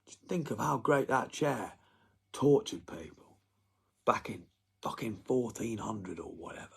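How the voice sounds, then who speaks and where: A husky-voiced man rants with heavy swearing. He drops into breathy whispers, then flares up loud, with a middle-range pitch throughout. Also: big pitch swings, a little slow. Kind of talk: profane threatening rant.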